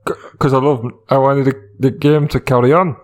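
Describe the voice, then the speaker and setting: A man voicing Lance, a meek young male best friend who is dying, in a comedy improv podcast, halting and stammering. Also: mid-range voice, steady tone, pitched above the performer's own voice, close to an everyday voice. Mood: sheepish.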